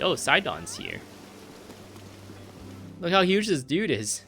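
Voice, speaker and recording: A man's voice: a little high, wildly swooping pitch, takes it slowly, fairly bright tone, a little hiss or hum. A young man casually chatting while he plays a video game, laughing and joking about himself. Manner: chatty, laughing, self-deprecating. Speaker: gaming video host. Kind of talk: casual gameplay commentary.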